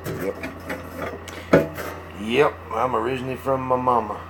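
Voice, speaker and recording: Heavy background noise surrounds a gravelly, mid-range male voice that moves a little slowly with fairly even intonation. It belongs to a hungover Mississippi model-building streamer rambling through casual chat, folksy and self-deprecating.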